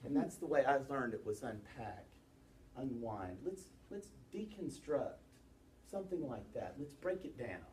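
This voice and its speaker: A man's voice: medium pitch, slight background noise. A man teaching a class about presentation gestures, quizzing his students as he goes. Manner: lively, quizzing students with quick questions. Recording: roomy classroom sound from a distant mic, faint ambience.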